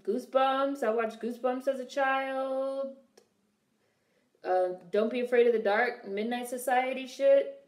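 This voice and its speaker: A woman's voice: high voice, fairly even intonation, a little slow, roomy sound. A young woman casually commenting on a film during a live stream, swearing freely and answering her chat. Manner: chatty, swearing, reads and answers viewer chat.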